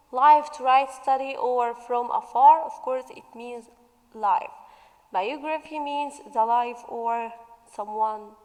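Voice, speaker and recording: A woman English teacher going through a revision worksheet, stretching out example words slowly as she explains. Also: sits high, darkish tone, long reverb tail, poor audio.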